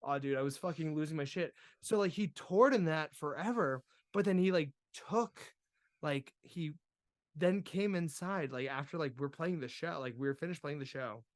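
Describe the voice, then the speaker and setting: A man hosting a podcast, telling a wild story in casual, profane chat that swings between loud and quiet. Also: on the high side, moderate pace, no echo, studio quality. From Boston area. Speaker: podcast host.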